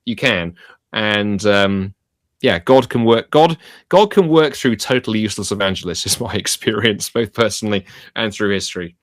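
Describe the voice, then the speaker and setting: A man, a podcast guest, giving advice in a lively, self-deprecating way and acting out little quotes. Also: fairly low pitch, moderate pace, no echo, studio quality. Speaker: podcast guest, evangelism teacher. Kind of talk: casual interview chat.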